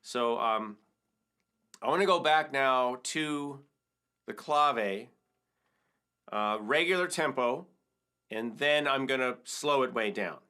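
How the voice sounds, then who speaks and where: A man's voice: mid-range voice, takes it slowly, long pauses, pushed and bright, clean tone. A middle-aged man teaching a hand-drum lesson step by step, counting and singing the rhythms aloud. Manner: counts and sings rhythms aloud, breaks into vocables. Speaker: percussion teacher. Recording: congas and wood block playing behind the voice.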